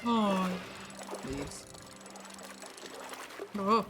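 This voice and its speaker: A woman's voice: mid-range voice, animated, drawn-out words, pauses often. A woman streaming a game live, chatting with viewers in a playful, rambling, self-deprecating way. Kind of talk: casual live gameplay commentary. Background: game music.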